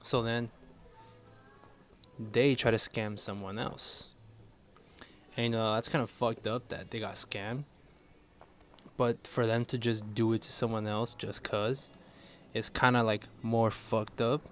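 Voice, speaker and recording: A man's voice: fairly low pitch, steady tone, slow pace, pauses often, slight background noise. A young man ranting casually to his viewers, rambling and swearing often in frustration. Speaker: vlogger. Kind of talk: casual profane rant.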